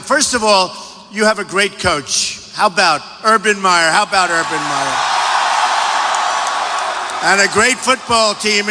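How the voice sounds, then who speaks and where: A man giving a campaign rally speech from a podium microphone in a large venue, repetitive and boastful, often shouting his asides. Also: high voice. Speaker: political candidate. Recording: long arena reverb, faint background noise.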